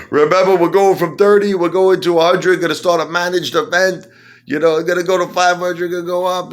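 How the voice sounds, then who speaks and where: A man ranting in an animated monologue, mocking and excitable, swinging between loud outbursts and muttering. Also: medium pitch. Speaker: stock-market video host.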